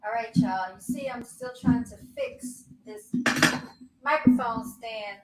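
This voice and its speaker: A woman's voice: on the high side, measured pace, a little mellow, rough recording. A woman hosting a casual livestream, talking dramatically and folksily to her viewers while she apologizes and fixes a fallen microphone stand. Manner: dramatic, folksy, keeps addressing viewers as y'all. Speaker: livestream host. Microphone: handheld studio microphone.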